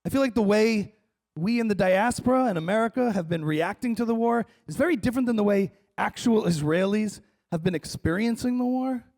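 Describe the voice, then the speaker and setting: A male stand-up comedian works the crowd from a conference stage. He is wry and animated, with a high-pitched voice. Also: a little fast. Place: large conference hall stage.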